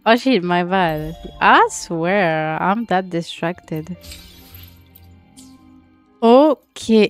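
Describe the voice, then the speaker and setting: French girl streaming games, super slow and giggly, smooth clean voice, chatting to her viewers. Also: mid-range voice, lively intonation, faint music behind. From France. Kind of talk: casual live-stream chat while gaming.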